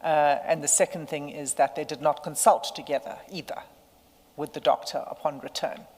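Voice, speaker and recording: A woman, legal counsel making formal submissions at a hearing, citing page and paragraph numbers in a measured way. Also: low voice, darkish tone. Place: large hearing room. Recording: echoey hearing room with faint hum.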